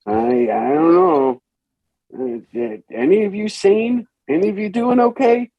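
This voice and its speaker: A man's voice: high-pitched, sing-song, measured pace, slightly rough, no echo, dull audio, voice pushed up, heavily acted. A man voicing a guarded fifteen-year-old from a poor neighborhood, hesitant and humming before he answers, in a tabletop role-play game. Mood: doubtful.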